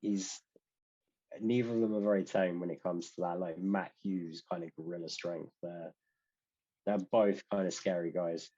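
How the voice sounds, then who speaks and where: A man's voice: sits low, fairly even intonation, moderate pace, dark tone, breathy edge. A man co-hosting a podcast, talking bluntly and casually, with an offhand, swearing manner. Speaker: podcast co-host. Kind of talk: casual sports chat. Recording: dull lo-fi mic.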